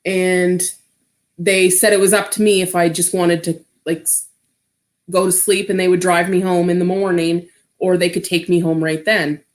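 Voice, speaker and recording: A woman's voice: on the low side, level tone, normal speed. A woman telling a personal story in a casual, rambling way, full of "like" fillers.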